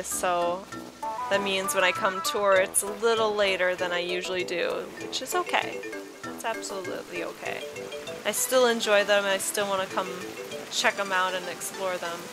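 A woman gives a relaxed, unhurried tour of a game island from home, gushing and exclaiming with delight at each new spot. Her pitch sits in an ordinary middle range, and she sounds a little sleepy. Clear background music plays under her voice throughout. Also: low-quality recording. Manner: gushing, effusive, exclaims often. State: sleepy, yawning. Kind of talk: casual gameplay commentary.

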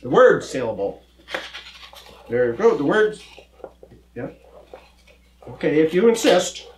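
A folksy, good-natured cowboy teacher in a children's comedy skit, his voice fairly high and very lively. He explains patiently and cracks corny jokes, with a roomy echo around him. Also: slow, a little hiss or hum. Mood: friendly.

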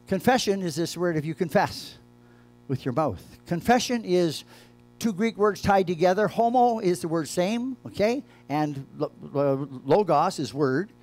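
With faint music behind him, a pastor delivers a sermon at a measured pace, his high-pitched voice animated. He talks loosely, frequently starting over and repeating phrases, alternating hushed asides with forceful points.

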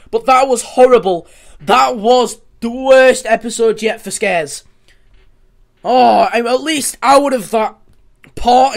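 A young man with a notably high voice, commenting on a horror game as he plays. He jumps and screams easily and repeats short phrases in nervous bursts. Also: vocal fry. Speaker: gaming YouTuber.

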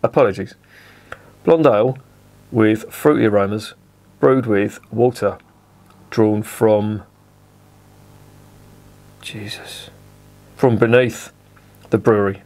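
A man's voice: on the low side, measured pace, gravelly, long pauses, darkish tone. A man chatting casually at home as he reviews a beer, often correcting himself. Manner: chatty, self-correcting, swears at the camera.

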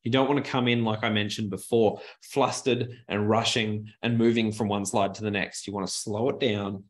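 Speaking from his home office on a good desk microphone, a man with a lowish voice teaches presentation skills in a webinar. He's animated, deliberately shifting his pace and tone as he goes.

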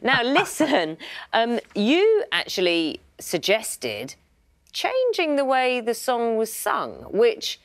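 A woman presenting a breakfast news show, interviewing a guest in a measured way and laughing easily. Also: fairly high pitch, wildly swooping pitch, no echo. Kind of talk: live TV interviewing.

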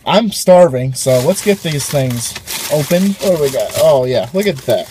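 A man hosting a casual food review, joking around excitably in a fast food restaurant. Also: mid-range voice, noisy background. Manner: playful, excitable, jokey.

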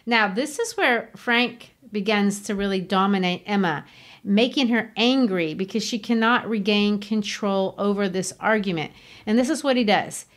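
A woman hosts a literature podcast, explaining a novel scene by scene. She speaks earnestly and stresses her points, in a middle-pitched voice. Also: normal speed. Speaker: podcast host. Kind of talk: literature discussion.

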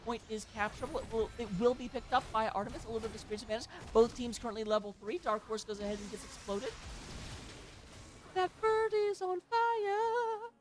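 Fast-talking woman casting an esports match. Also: on the high side, slight background noise. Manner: chatty and excitable, with joking asides. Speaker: esports caster. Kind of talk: play-by-play game commentary.

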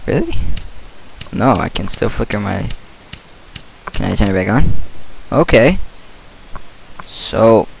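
A man's voice: fairly low pitch, animated, slow, creaky, long pauses, noisy background. A young man playing a horror game, reacting nervously and talking to himself as he goes. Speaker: gaming channel host. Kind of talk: horror game let's play commentary.

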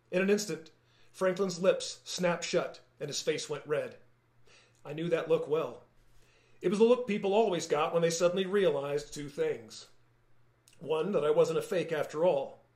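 A man, the author, reading his own novel aloud in calm, measured first-person narration. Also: fairly high pitch, reverberant. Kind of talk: audiobook-style narration.

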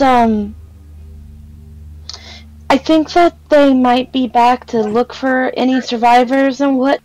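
Lady at a game table, higher voice, slow and hesitant, dry close sound. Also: a little mellow, no room sound, rough recording. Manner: hesitant, restarting. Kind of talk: casual game table chat.

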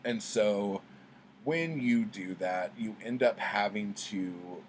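A man with a deep, low voice chats unhurriedly on camera, jokey and rambling, full of ums and asides. A faint hum of room ambience sits behind him. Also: slow pace. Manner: rambling, jokey, many fillers. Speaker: booktuber. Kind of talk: casual chat.

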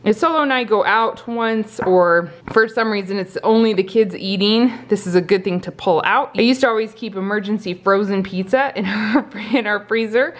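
A woman's voice: medium pitch, moderate pace, few pauses. A woman, chatting casually through a grocery haul, out of breath and laughing often. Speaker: vlogger showing a grocery haul. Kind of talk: casual chat.

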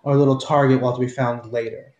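A man voicing a haughty, domineering female commander in a tabletop game, speaking slowly and imperiously. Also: medium pitch, level tone, a little mellow, reverberant, highs cut off, close to an everyday voice. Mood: commanding.

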